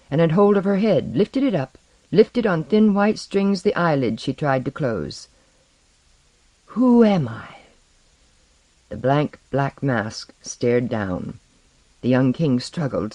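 Measured audiobook narrator. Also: mid-range voice, expressive, a little mellow, no echo. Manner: measured, dramatic reading. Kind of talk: scripted narration.

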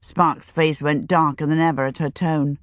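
A woman narrating an audiobook in a measured, even manner. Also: low voice, dry recording.

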